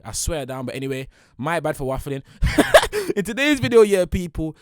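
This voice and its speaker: A young man, rambling excitably in street slang as he introduces a reaction video. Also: mid-range voice, dry recording, clean studio sound. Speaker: reaction streamer. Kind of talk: hyped reaction commentary.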